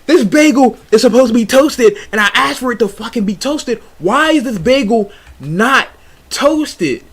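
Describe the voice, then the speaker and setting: A man putting on a furious yelling customer. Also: very high voice, lively intonation, unhurried, breathy edge, pitched above the performer's own voice, exaggerated voice. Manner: shouting, cursing, indignant. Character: furious heavyset male customer yelling about a bagel.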